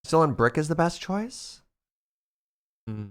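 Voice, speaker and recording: A man's voice: on the high side, slow, smooth. A man streaming a building game live, chatting playfully with his viewers. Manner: animated and playful, talks to the chat. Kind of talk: live gameplay chat with viewers.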